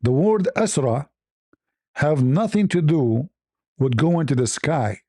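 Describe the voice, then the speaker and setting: A man hosts a debate stream, full of sarcasm and pointed rhetorical questions. His voice sits fairly high but has a dark, mellow tone. His pitch swings widely, and the sound is dry and close. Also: lively intonation, takes it slowly, dry recording. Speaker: online debate show host. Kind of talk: polemical commentary.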